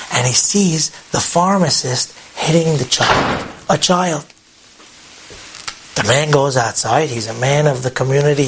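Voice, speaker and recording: A man's voice: on the high side, slight background noise, poor audio. Man casually telling a moral story. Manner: casual, conversational retelling with asides. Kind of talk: inspirational story told to an audience.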